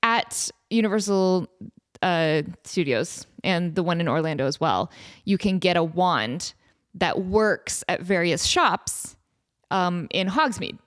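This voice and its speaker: A woman's voice: on the low side, expressive, slow. A woman in her thirties hosting her own podcast, talking casually with frequent laughs and fillers. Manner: chatty, laughing, lots of fillers. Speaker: podcast host. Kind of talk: casual chat.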